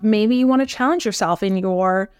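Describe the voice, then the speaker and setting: A woman's voice: medium pitch, normal speed, clean tone, no echo. A young adult woman hosting a podcast, talking candidly and conversationally on her own, often checking in with "right?". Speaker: podcast host. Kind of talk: solo podcast talk.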